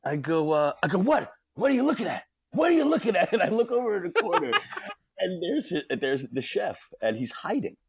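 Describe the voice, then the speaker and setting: A man's voice: high-pitched, husky, no echo. A man, a podcast guest, telling a comic story with big energy, often laughing mid-sentence and acting out the quotes.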